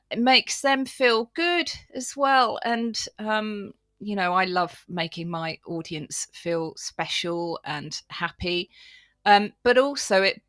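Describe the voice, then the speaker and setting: A woman from England, chatting as a guest on a live show. She speaks slowly and earnestly, with a bright, forward tone. The sound is close and dry, with no room echo. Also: lowish voice. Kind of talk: casual live-stream chat.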